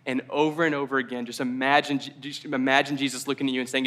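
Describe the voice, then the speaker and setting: Male pastor, conversational preaching, bright clear tone, drawn-out emphasis. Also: medium pitch, level tone. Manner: conversational, rambling asides, slows down for emphasis. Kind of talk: casual sermon. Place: church service.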